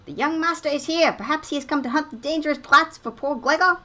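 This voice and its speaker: A woman's voice: high voice, fast talker, bright, forceful tone, voice pushed up. A woman voicing a deferential male servant who speaks of himself in the third person. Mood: eager. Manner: deferential and eager.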